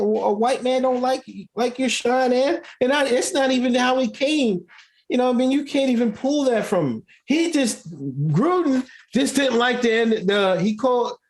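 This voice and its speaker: High-voiced man ranting animatedly. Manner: animated profane ranting, mocking. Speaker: podcast co-host. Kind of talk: casual podcast commentary.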